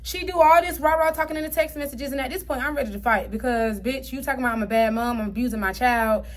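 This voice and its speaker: A woman's voice: high-pitched, fast talker. A young woman telling a personal story in a casual vlog, heated and profane, swinging up and down as she retells it. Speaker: storytime vlogger.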